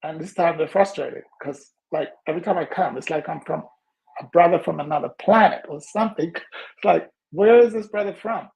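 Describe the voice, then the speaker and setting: A man hosting a podcast as a coach, telling stories in conversation and acting out other people's voices with big jumps in pitch. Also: a little fast, gravelly, dull audio. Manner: laughs while telling. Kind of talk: storytelling in conversation.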